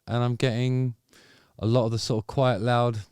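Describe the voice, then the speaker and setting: A man's voice: medium pitch, little pitch movement, moderate pace, a little mellow, clear, resonant tone, no room sound. A man hosting a music review video, musing through casual reaction commentary and trailing off into self-corrections. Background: faint music from the video under review.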